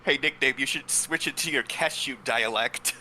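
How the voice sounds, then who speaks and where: A man's voice: medium pitch, moderate pace, pushed and bright, slight background noise, poor audio. Rambling, jokey young man hosting a playthrough. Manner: rambling, jokey, swears freely. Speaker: let's play host. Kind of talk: casual chat over gameplay.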